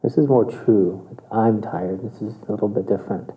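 Low-voiced man giving a meditation talk over tinny audio. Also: fairly quick. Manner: casual, conversational, chuckling often, checks in with listeners. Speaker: meditation teacher. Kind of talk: relaxed dharma talk.

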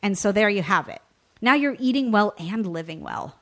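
A woman's voice: medium pitch, expressive, moderate pace, a bit bright. Effusive woman hosting a radio food show. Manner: effusive, gushing.

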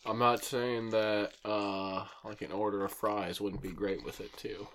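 A man's voice: lowish voice, fairly even intonation, a little slow, a bit bright. A young man co-hosting a casual food podcast, joking often with crude humor. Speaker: podcast co-host. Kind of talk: casual chat while eating.

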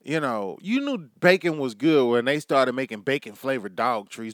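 A man's voice: mid-range voice, sing-song, unhurried, few pauses, a bit bright, dry recording, studio quality. A man hosting a comedy monologue, brash and crude, riffing with mock asides to an imagined crowd. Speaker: comedy podcast host.

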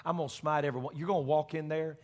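A pastor voicing God as a calm, commanding male deity, speaking plainly and quietly within his sermon. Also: fairly high pitch, fast, long reverb tail, lightly acted. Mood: calm, matter-of-fact. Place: church sanctuary.

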